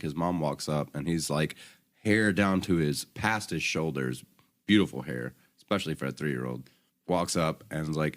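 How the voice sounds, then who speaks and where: A young man co-hosting a podcast, telling rambling anecdotes in casual chat and often laughing. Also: very deep voice. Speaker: podcast co-host.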